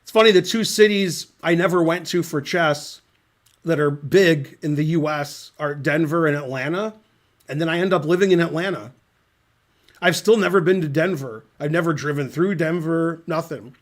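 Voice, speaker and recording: A man's voice: on the high side, normal speed. A middle-aged man doing casual live chess commentary, wandering off into dry, rambling anecdotes between moves. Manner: rambling, dry, digressive storytelling.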